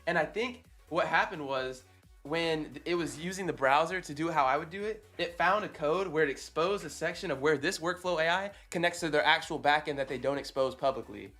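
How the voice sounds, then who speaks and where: A man streaming live as he works, excitable and swearing, exclaiming in disbelief between quick technical explanations. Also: on the high side, soft background music. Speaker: automation agency founder streaming live. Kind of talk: live-stream coding reaction.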